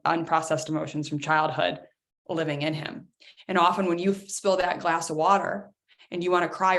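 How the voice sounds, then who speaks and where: A woman hosting a motivational talk on stress, lively and direct, talking straight to her listeners. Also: on the low side. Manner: animated, addresses listeners as guys. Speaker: workshop host.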